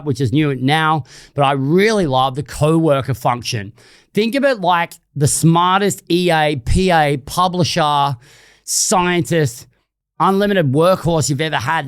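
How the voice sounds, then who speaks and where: A man's voice: fairly high pitch, smooth. A man with an Australian accent hosting an unscripted solo podcast, talking casually and bluntly, with some swearing. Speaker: podcast host.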